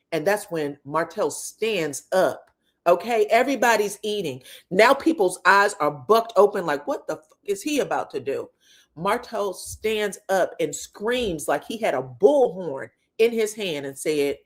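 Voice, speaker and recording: Animated woman recapping reality TV gossip. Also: mid-range voice, a little slow. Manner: animated storytelling, acting out cast members' lines; laughs often, swears freely.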